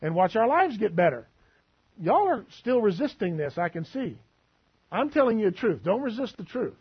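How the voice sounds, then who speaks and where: A man's voice: sits high, very animated, moderate pace, breathy edge. Man, pastor, sermon, folksy, dull lo-fi recording. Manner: folksy, preachy, with asides and humor.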